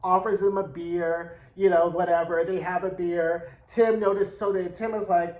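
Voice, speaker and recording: A man giving a sassy, chatty recap of a TV episode, acting out the characters' lines in quick bursts. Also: sits high, darkish tone, reverberant. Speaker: TV show reviewer. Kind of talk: casual recap commentary.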